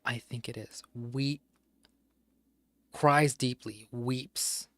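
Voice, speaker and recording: A gaming streamer mutters to himself while playing, working through crossword clues, spelling words letter by letter, and swearing now and then in mild frustration. His mid-range voice is extremely slow, fairly even in intonation, and fairly bright. There is no echo on the recording.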